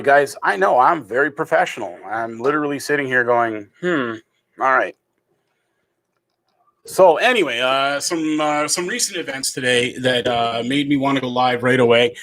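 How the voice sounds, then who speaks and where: A man's voice: mid-range voice, normal speed, fairly bright tone. A man from Canada hosting a casual home livestream podcast, rambling with many fillers and restarts and getting heated. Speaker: podcast host. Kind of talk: casual solo livestream talk. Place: home room.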